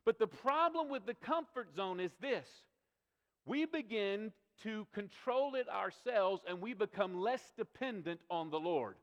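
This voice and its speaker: A man's voice: high voice, expressive, unhurried, muffled recording. A male pastor preaching a sermon, emphatic and repetitive, asking rhetorical questions of his congregation. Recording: long reverb of a large hall.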